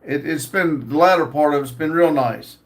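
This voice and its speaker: A man's voice: fairly high pitch, normal speed. A man, hosting a live stream and reading viewer comments aloud in an easygoing way, with plenty of uhs. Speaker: livestream host reading chat. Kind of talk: casual livestream chat.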